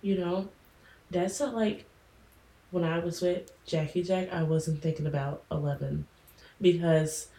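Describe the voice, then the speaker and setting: A woman's voice: on the low side, steady tone, a little slow, mellow. A woman in her twenties co-hosting a podcast, talking bluntly and swearing freely. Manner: blunt and profane. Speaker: podcast co-host. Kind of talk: casual chat. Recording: echoey room, faint noise.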